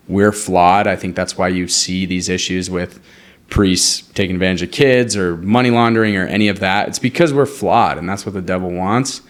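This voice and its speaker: A young man from Montana, a podcast guest, telling a long story in casual chat and acting out the quoted lines. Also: deep voice. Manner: animated, acts out quoted dialogue, frequent "like".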